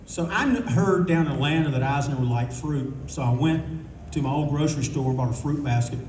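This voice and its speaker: Older male panelist, rambling raconteur, warm low-key tone, faint room hum behind. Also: quick pace, distant mic. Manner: rambling, candid, swears freely. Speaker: convention panelist. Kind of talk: casual anecdotal storytelling. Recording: echoey room recording from afar.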